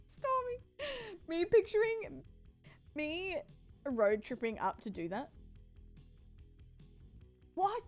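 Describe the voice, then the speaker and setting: A woman's voice: high voice, huge pitch swings, slow, pauses often, fairly bright tone, faint music behind. A woman streaming, chatting casually with viewers in a bubbly, playful way. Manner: bubbly and playful, talks to chat. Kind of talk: casual sponsored livestream chat.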